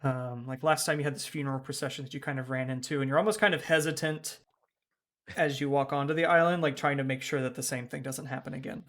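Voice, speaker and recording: A man's voice: medium pitch, steady tone, fast talker, a bit bright. A man running a tabletop game as game master, describing scenes with frequent ums and hedging words. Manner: hesitant, many ums.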